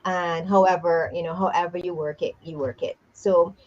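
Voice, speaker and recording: A woman's voice: lowish voice, fairly even intonation, normal speed, a little mellow, dull audio. Emphatic woman co-hosting a live chat. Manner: emphatic, repeats key points for effect. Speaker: co-host of a live chat show. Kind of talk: casual live-stream chat.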